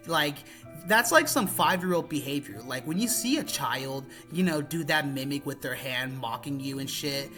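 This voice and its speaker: A man's voice: on the high side, sharp tone. A man narrating internet drama commentary in a blunt, profane, exasperated way.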